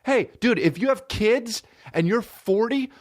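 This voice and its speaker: A man hosting a podcast, ranting in a profane, mocking, animated comic way into a close mic. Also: extremely high pitch, a little slow, no echo. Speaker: podcast host. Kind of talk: solo comedic rant.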